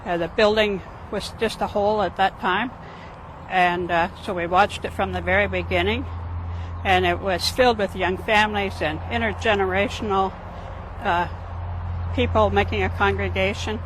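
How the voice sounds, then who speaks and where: A man, a longtime church member, giving a plain personal testimony with some halting restarts. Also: sits high, fairly even intonation, background noise.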